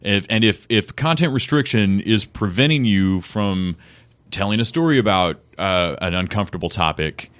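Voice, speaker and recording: A man co-hosting a casual chat, speaking in a measured, thoughtful way with dry jokes. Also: fairly low pitch, expressive, a bit bright, smooth. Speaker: podcast co-host.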